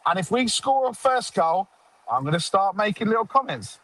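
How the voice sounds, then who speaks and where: A man's voice: very high-pitched, sing-song, fairly quick, a bit bright, dry recording, rough recording. A man hosting a casual football fan show, sarcastic and grumbling.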